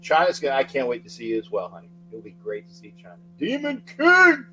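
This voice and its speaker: A middle-aged man hosting a casual sports livestream, excitably shouting out viewers' names and rambling between topics. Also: on the low side, rapid-fire, slight background noise, rough recording. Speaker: livestream sports talk host.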